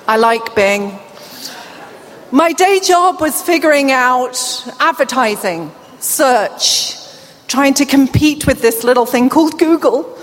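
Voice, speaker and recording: A middle-aged woman with a British accent and a deaf accent speaks in a high, bright register, upbeat and playful as she works the crowd. Her voice rings out through a large hall and trails off in a long reverb. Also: slight background noise. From England. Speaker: keynote speaker. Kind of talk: conference keynote.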